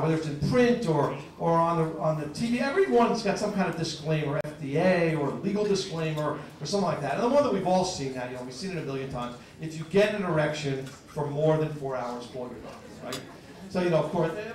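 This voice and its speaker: A man in his fifties from New Jersey doing a stand-up comedy set, stammering and restarting before dry, self-deprecating punchlines. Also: sits high. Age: 50s. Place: comedy club stage. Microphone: stage mic in a club. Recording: echoey club recording from far off, crowd noise. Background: audience laughter.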